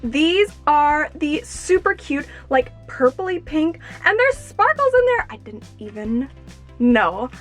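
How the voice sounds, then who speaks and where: A young woman unboxing earrings at home, gushing and excitable, exclaiming often. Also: sits high, takes it slowly, faint music behind. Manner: gushing, excitable, fillers like "oh my gosh". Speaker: YouTuber. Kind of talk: unboxing vlog.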